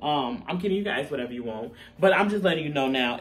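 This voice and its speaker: A man's voice: on the high side, animated, fast, fairly bright tone. A young man talking casually to camera as a vlogger, candid and chatty, laughing at himself. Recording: distant camera mic, faint room noise.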